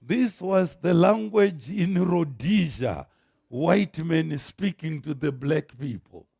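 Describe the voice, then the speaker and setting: A man with a Zimbabwean accent preaching a sermon as pastor, telling stories with animated energy and rising to shouts. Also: fairly high pitch, slow pace, creaky, husky, no echo, studio quality. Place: church.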